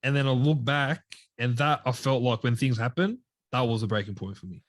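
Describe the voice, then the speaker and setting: Casting: male co-host, mid-range, heartfelt, quiet at times, dry close mic. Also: medium pitch, a little fast, dry recording. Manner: heartfelt, often drops to a quiet voice. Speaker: podcast co-host. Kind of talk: casual faith chat.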